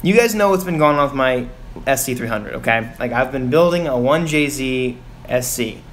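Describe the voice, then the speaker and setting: A man's voice: medium pitch, expressive, normal speed, slight background noise. A young man venting on a casual live stream from his home garage, sighing often and rambling with fillers about a bad experience. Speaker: vlogger.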